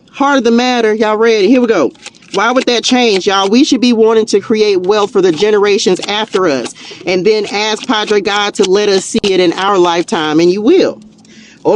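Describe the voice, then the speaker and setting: A woman with a Southern US drawl leads a live tarot reading in a loose, chatty way. She peppers her talk with "child" and "y'all," laughs easily, and keeps lifting her viewers up. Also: mid-range voice. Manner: warm encouraging pep talk, laughs easily. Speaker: tarot reader and spiritual coach.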